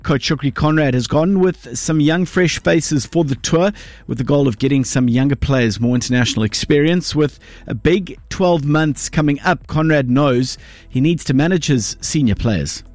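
A man reads the sports bulletin on a radio station in a steady, crisp, scripted way. His voice sits a little high for a man. The studio sound is close and dry. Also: normal speed, no room sound. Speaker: sports newsreader.

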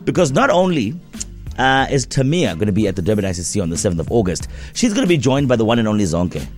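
A man co-hosting a breakfast radio show, chatting casually with animated, slangy banter. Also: quick pace, faint music behind. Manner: animated, slangy, pitch jumping up for emphasis.

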